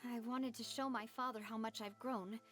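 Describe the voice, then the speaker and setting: A warm-hearted young woman from a video game, a devoted daughter and a leader of her crew, voiced by a woman. She sounds high-pitched, lively and sincere. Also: moderate pace, soft background music, natural voice.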